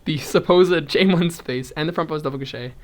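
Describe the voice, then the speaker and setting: A young man with a voice on the high side speaks a little fast in a casual vlog chat. Crocheting as he goes, he counts stitches aloud, keeps chuckling, and rambles off on tangents.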